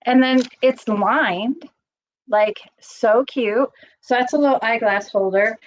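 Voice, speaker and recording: A woman's voice: on the high side, takes it slowly. Chatty rambling middle-aged woman, lo-fi. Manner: chatty and rambling, gets teary. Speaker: channel host. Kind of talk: casual live-stream chat.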